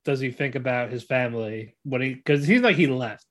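This podcast co-host speaks in a mid-range voice at a moderate pace, animatedly retelling scenes in casual chat. He acts out characters' lines between laughs, with plenty of fillers and restarts.

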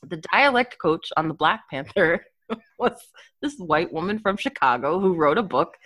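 A woman, an actor and accent teacher, talking casually in an interview with emphatic, animated storytelling. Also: fairly low pitch, normal speed, no room sound.

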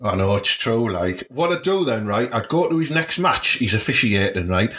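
A man co-hosting a podcast, telling crude jokes and animated stories. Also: on the low side, moderate pace. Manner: crude, joking, animated storytelling. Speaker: podcast co-host. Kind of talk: casual podcast banter.

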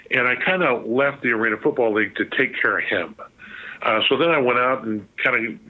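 A man from Southern California, a guest telling stories over the phone in a chatty way, full of fillers and restarts. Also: on the low side. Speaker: guest, sports museum president. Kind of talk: phone interview storytelling. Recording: tinny phone line.

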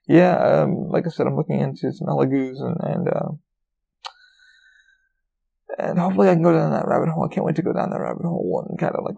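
A man's voice: medium pitch, creaky, warm tone, highs cut off. A man hosting a solo podcast, rambling casually with lots of swearing, fillers and restarts. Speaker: podcast host.

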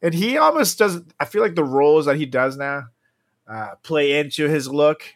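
A man's voice: a little high, expressive, moderate pace. A man co-hosting a casual podcast chat, joking crudely and laughing often. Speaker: podcast co-host.

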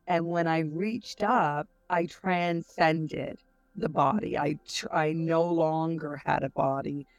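A middle-aged woman, telling her near-death experience in a slow, reflective, earnest way. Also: deep voice, no room sound. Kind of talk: personal testimony, storytelling.

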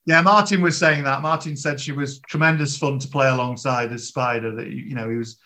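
A man interviewing an actor in a relaxed, conversational way. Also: mid-range voice. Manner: conversational, quick bursts of questions. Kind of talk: casual interview chat.

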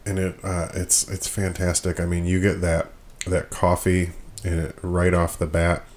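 Deep-voiced rambling podcast host, a man. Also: monotone, measured pace, slight background noise. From Michigan. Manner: rambling, self-deprecating, frequent fillers. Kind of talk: casual podcast talk.

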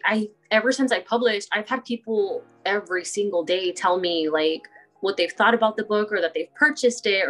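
A woman's voice: medium pitch, a bit bright. Chatty woman with light background music. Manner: chatty, laughs often, many fillers. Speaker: guest poet. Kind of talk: casual interview chat.

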